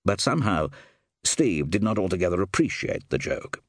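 A man narrating a story, reading with expressive, varied delivery. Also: deep voice, normal speed, dry recording. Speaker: audiobook narrator. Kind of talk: scripted narration.

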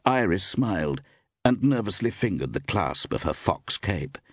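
A man narrates an audiobook, telling the story in an expressive, measured way. His voice is low, and the studio-quality recording has no echo.

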